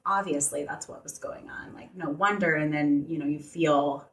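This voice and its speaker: A woman's voice: low-pitched, normal speed. A young adult woman, a podcast guest, telling a personal story candidly in conversation, filling her speech with "like" and "you know.".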